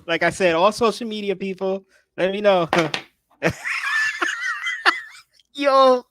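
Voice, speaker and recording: A man's voice: high voice, steady tone, brisk, background noise. A man hosting a casual podcast livestream. He teases his co-host and laughs often.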